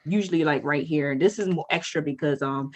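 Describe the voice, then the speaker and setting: A woman co-hosting a casual podcast chat, profane and animated, laughing while she rants. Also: deep voice, a little fast. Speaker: podcast co-host.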